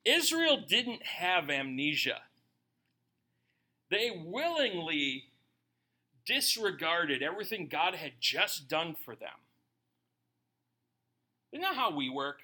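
A man preaches with a high, strikingly bright voice. He talks conversationally to his congregation and keeps breaking into playful voices for the people he describes. His delivery is lively and animated. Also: slow pace, long pauses. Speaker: pastor. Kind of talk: sermon.

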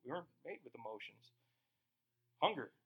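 A male pastor preaching a sermon, reading scripture slowly and then talking casually with asides. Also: medium pitch, big pitch swings, breathy edge, dull audio. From Germany.

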